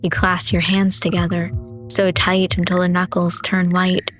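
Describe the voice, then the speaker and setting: A woman's voice: lowish voice, completely flat delivery, unhurried, fairly bright tone, faint music behind. Woman voicing a desperate, pleading widow. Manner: pleading, apologetic. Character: guilt-ridden young widow, pleading and desperate.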